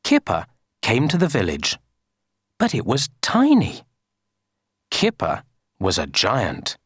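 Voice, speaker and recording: A woman reading a children's story aloud for an English lesson, slow and sing-song. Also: very deep voice, wildly swooping pitch, husky, no echo, studio quality.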